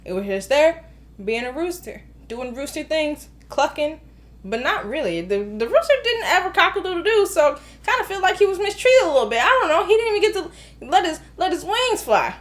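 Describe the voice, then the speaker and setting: A woman's voice: high voice, sing-song, a little fast, fairly bright tone. A woman in her thirties giving an emphatic, exasperated casual film review, repeating herself for effect. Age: 30s. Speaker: movie reviewer.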